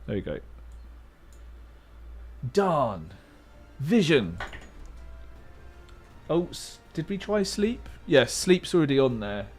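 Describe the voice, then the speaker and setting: A man's voice: fairly high pitch, sing-song, slow pace, pauses often, faint music behind. A young man streaming a word game live, calling out chat guesses in a hyped play-by-play way like a sports commentator. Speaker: livestreamer.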